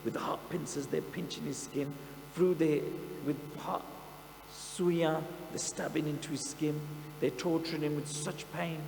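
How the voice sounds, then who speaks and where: A man's voice: a little high, vocal fry, a little mellow. A man with a British Punjabi accent telling a story as a sermon, impassioned and dramatic, mixing in Punjabi phrases. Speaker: preacher. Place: outdoor camp hall. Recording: echoey hall with mains hum.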